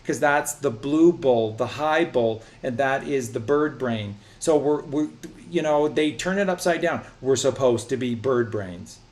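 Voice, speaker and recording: A man in a casual religious discussion, talking in an animated, preachy, rambling way. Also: mid-range voice.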